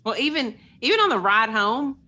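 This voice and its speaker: A middle-aged woman tells personal stories on a group call, earnest and chatty, with lots of restarts. Her voice is bright and forward. The call audio is a bit muffled and dull. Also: on the high side, sing-song, moderate pace. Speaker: call participant. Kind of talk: casual sharing on a group call.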